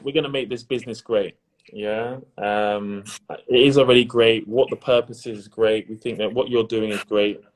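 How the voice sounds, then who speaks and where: A man hosting a pitch competition final over a video call, chatty and upbeat, often repeating his words. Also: steady tone, moderate pace. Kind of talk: casual live-stream chat.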